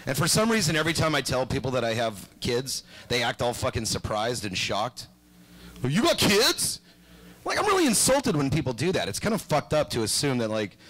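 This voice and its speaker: Twenty-something guy doing standup in a little club, deadpan then yelling. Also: mid-range voice, a little hiss or hum, rough recording. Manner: deadpan with sudden shouted voices. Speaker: stand-up comedian. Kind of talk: stand-up comedy set. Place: small comedy club stage.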